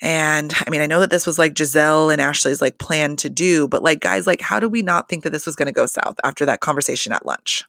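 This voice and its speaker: A man's voice: a little high, fast, creaky, few pauses, pushed and bright, dry recording, clean studio sound. A man giving a casual, profane recap of a reality show, rambling with constant fillers and swearing. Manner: rambling, heavy "like" fillers, frequent swearing and laughter.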